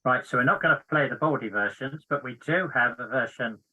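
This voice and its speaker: Bright-voiced man introducing items. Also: medium pitch, brisk, breathy edge, rough recording. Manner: relaxed, with fillers. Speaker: online forum host. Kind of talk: casual introduction.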